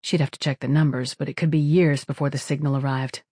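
A narrator reading a science fiction novel in steady, even scripted narration. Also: mid-range voice, fast, no echo, clean studio sound. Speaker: audiobook narrator.

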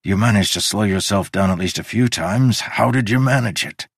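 A man's voice: lowish voice, moderate pace, gravelly, breathy edge, no room sound, clean studio sound. A man voicing a stubborn, impatient adult man who swears and grumbles at himself. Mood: frustrated.

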